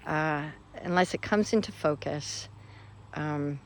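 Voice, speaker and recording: A woman's voice: sits low, slow, a little hiss or hum. A woman vlogging from her garden, talking casually in a rambling, self-deprecating way full of fillers. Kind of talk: casual rambling vlog talk. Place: outdoors in a garden.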